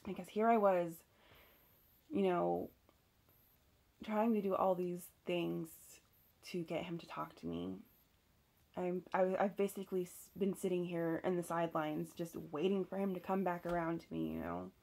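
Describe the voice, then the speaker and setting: A woman's voice: on the low side, steady tone, moderate pace, vocal fry, mellow. A young woman candidly telling a personal story, swearing freely and using lots of fillers. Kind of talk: casual storytelling.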